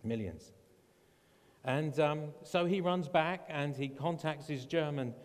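A man's voice: fairly high pitch, slow, darkish tone. A man preaching as a pastor, earnestly retelling a story and quoting the people in it. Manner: earnest, retells stories with quoted voices. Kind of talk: sermon storytelling. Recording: long hall reverb.

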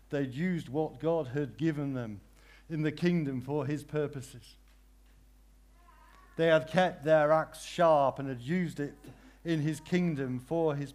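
A man with a voice on the high side preaches a sermon, moving from hushed, prayerful phrases to loud cries and repeating his questions for emphasis.

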